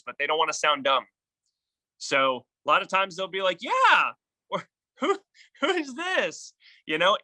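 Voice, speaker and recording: A man coaching real estate agents on cold calls in a casual, energetic and blunt way, sometimes swearing. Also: a little high. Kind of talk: casual sales training talk.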